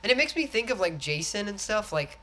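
Bright-voiced man in animated casual chat. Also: sits high, a little fast, slight background noise. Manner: animated, swearing, acts out movie lines. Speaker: podcast co-host.

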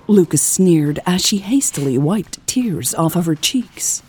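A woman host narrating a scripted audiobook in a calm, measured way. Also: lowish voice, breathy edge.

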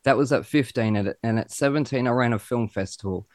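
A man's voice: mid-range voice, fast talker, darkish tone, dry recording, clean studio sound. A man, hosting a podcast and talking in a gushing, emotional way. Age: 30s. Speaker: podcast host. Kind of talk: casual chat.

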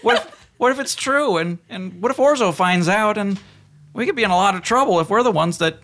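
A man doing a jittery young officer, high and anxious. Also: lively intonation, background noise. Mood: nervous. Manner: anxious, fast, pleading. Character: nervous low-ranking human officer, young man.

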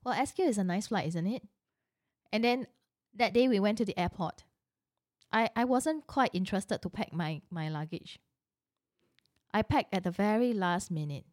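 A woman's voice: mid-range voice, lively intonation, normal speed, long pauses, a little mellow, no echo, studio quality. Chatty middle-aged woman telling a story. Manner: chatty, with rhetorical questions and "you know". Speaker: personal storyteller. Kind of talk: casual storytelling with a lesson.

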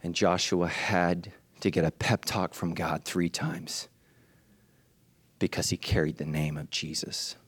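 A male pastor delivering a sermon in church, swinging from hushed, low lines to high, shouted ones with urgent repeated refrains. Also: steady tone, measured pace, breathy edge, no room sound.

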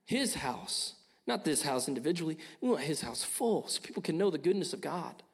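Young man, pastor, earnest sermon, fairly high voice, repeats phrases. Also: very animated, normal speed, slightly rough.

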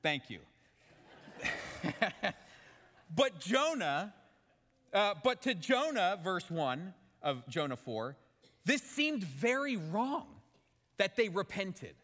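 A man preaching a sermon in an animated, emphatic way, often asking his listeners questions. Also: high voice, takes it slowly, long pauses. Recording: long hall reverb.

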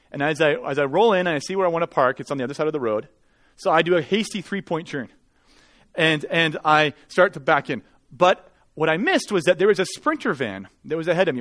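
Man, young adult, pastor, sermon, high-pitched, lively confessional storytelling. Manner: animated storytelling, laughs at himself, confessional.

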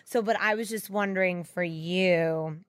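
A woman's voice: lowish voice, measured pace, a bit bright, clean tone, no echo, studio quality. A woman co-hosting a podcast, an actor by trade, who asks chatty, curious questions. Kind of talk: casual podcast chat.

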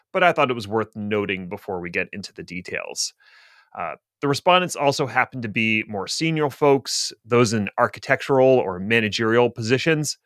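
Podcast co-host, male, mid pitch, explanatory with wry asides, dry close-mic sound. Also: fairly bright tone, dry recording. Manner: dry self-deprecating humor, explanatory. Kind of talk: casual tech podcast chat.

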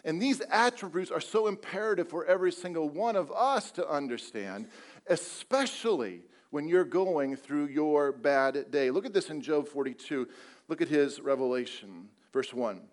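A man preaching a sermon in a slightly high voice. He keeps it conversational and leans on rhetorical questions. He stretches out the words he wants to stress, then picks the pace back up. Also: expressive, moderate pace. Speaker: pastor.

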